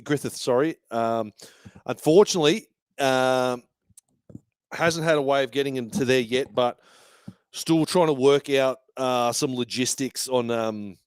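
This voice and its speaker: A man with a mid-range voice and a clean tone hosts a fan live stream from a bar, speaking at an unhurried pace. He offers casual match commentary and banter, swearing freely. The sound is clean studio quality with no room sound.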